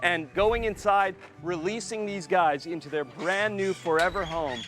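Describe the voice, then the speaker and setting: A man presenting wildlife on location, excitable and exclamatory, cooing at the animals he is showing. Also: high voice.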